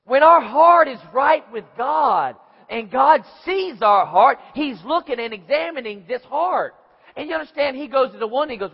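A man preaching a sermon, dramatic and acting out voices, rising to shouts. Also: very high-pitched, expressive, moderate pace, vocal fry, slightly rough. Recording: muffled, hall reverb.

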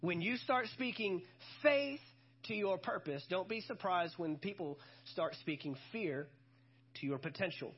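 A man's voice: high-pitched, unhurried, slightly rough, highs cut off. A male pastor preaching a sermon, emphatic, repeating his key lines for effect.

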